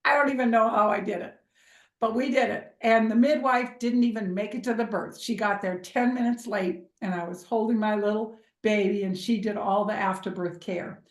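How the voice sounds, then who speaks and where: A middle-aged woman telling a personal story in an expressive way, acting out the voices of the people in it. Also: medium pitch, moderate pace, echoey room. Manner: expressive, acts out quoted voices. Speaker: speaker sharing a personal story.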